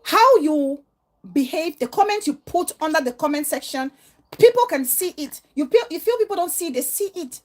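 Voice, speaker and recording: A woman's voice: very high-pitched, lively intonation, normal speed. A middle-aged woman vlogger giving an earnest, emotional and preachy monologue to her viewers. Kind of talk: heartfelt vlog monologue.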